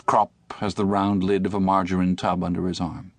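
A man narrating an audiobook in a measured, steady reading. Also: low-pitched, no echo.

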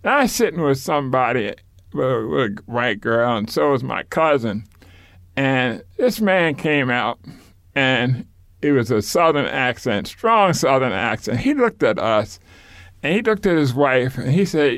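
An older man recalls his youth in a relaxed oral history interview. He rambles, restarts and repeats words, with an occasional chuckle. The close, dry recording has almost no room sound, and his pitch is mid-range. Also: a little slow, dry recording.

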